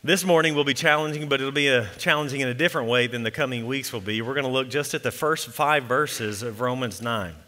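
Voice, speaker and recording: A man preaching an earnest expository sermon as pastor, reading scripture slowly and softly. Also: mid-range voice, long reverb tail. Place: church sanctuary.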